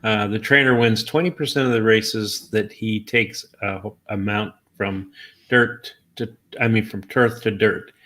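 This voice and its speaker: A man with a fairly low but bright voice gives his take on each horse, citing win percentages and workouts. His delivery is measured and hesitant at times. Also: fairly even intonation. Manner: measured, stats-heavy, hesitant fillers. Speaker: racing co-host. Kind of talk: horse racing analysis chat.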